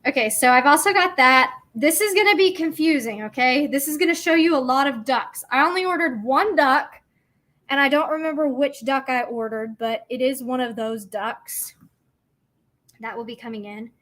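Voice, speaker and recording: A young woman talks through her craft livestream in a chatty, bubbly ramble full of fillers. Her voice sits a little high. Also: moderate pace, fairly bright tone. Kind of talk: casual livestream chat.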